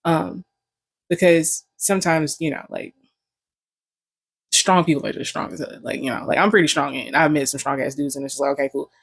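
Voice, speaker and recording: A woman's voice: low voice, fairly even intonation, fairly quick, gravelly, slightly rough, dry recording. Frank, profane young woman vlogger. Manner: candid, profane, joking. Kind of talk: casual storytelling.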